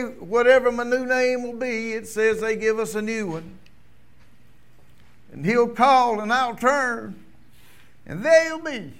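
A middle-aged pastor preaching a sermon, swinging between ringing loud declarations and hushed, almost whispered lines. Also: male voice, extremely high pitch.

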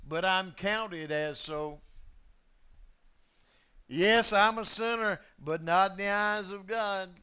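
A man with a high, clear, resonant voice delivers a sermon at an unhurried pace. He swings from loud, ringing declarations to quiet, hushed asides. He repeats key phrases for emphasis. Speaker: preacher.

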